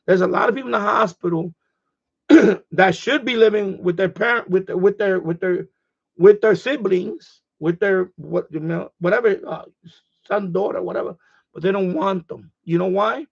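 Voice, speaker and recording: A man's voice: sits high, moderate pace, creaky, slightly rough, highs cut off. A man hosting a casual ham radio live stream, rambling and repeating himself as he gets heated.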